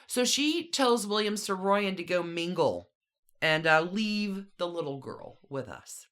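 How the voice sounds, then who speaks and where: A woman with a low voice tells a story in a relaxed, conversational way. She is a podcast co-host who adds dry asides as she goes. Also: slow. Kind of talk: casual storytelling.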